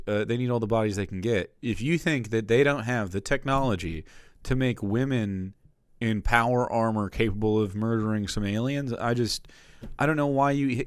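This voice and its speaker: A man's voice: lowish voice, smooth, dry recording. A man streaming a casual reaction commentary, profane and mocking, close to the mic.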